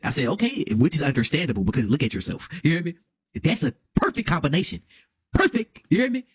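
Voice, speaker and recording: A young man telling a wild comedic story, dramatic and excitable, full of slang and constantly asking "you hear me?". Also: a little high, quick pace, husky, dry recording, clean studio sound. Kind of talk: animated comedic story time.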